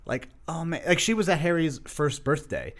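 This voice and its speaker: A man's voice: on the high side, animated, moderate pace. A young man co-hosting a podcast, talking casually and animatedly with lots of fillers. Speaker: podcast co-host. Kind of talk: casual chat.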